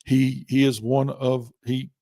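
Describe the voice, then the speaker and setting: A man in his sixties hosting a chat show, talking in a halting way with many restarts. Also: mid-range voice, flat delivery, warm tone, dry recording. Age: 60s. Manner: halting, full of fillers and restarts. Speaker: show host. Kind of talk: casual chat.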